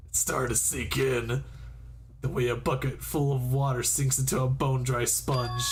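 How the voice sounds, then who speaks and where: Excitable goofy male game streamer. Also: medium pitch, normal speed, a little hiss or hum. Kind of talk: reading a visual novel aloud.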